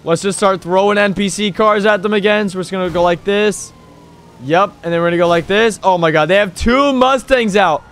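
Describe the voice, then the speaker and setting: A young man with a high voice talks a little fast while commentating live on a driving game. He's an excitable gaming YouTuber and server owner who cheekily taunts the pursuing police and yelps at every jump and crash.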